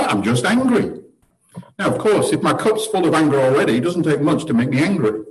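A man's voice: fairly high pitch, rough recording. A man giving a conversational sermon to a seated group, earnest and posing rhetorical questions with wry humor. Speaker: church teacher leading table discussion.

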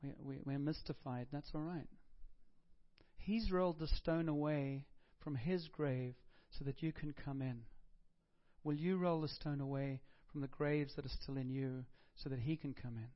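A man delivers a sermon as a pastor, talking to his congregation in a loose, conversational way and pushing his voice up for emphasis. His voice sits a little high for a man. The recording is muffled and lo-fi. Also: steady tone, unhurried. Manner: conversational preaching with emphatic rises.

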